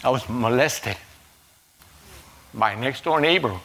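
Slow, halting male preacher. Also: expressive, gravelly, bright, forceful tone, slight background noise. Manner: slow, halting delivery with repeated words and sudden swings in pitch and volume. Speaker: pastor. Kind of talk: sermon.

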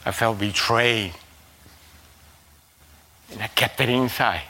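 A man preaching a sermon in a slow, halting way, repeating words and swinging suddenly between a low murmur and a high, loud cry. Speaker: pastor.

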